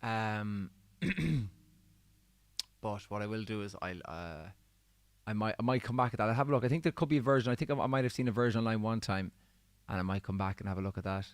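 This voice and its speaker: A man's voice: fairly low pitch, fairly quick, pauses often, no room sound. A man, chatting casually with viewers between songs on a livestream, his voice a bit worn from singing. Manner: chatty and easygoing, reading out viewer comments. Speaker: musician hosting a livestream.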